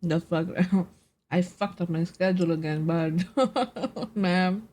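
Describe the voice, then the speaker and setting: Slow, groggy low-voiced woman streamer. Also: darkish tone, a little hiss or hum. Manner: laid-back, laughs often, swears casually, chats with viewers while eating. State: low, groggy voice from just waking up. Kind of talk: casual live-stream chat.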